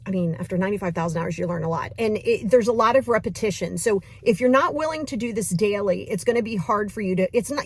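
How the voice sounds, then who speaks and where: Woman, mindfulness coach, casual and animated, mid-pitched voice, dry close sound. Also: slightly rough, no echo. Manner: casual, animated, talks straight to the viewer. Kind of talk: guided mindfulness exercise.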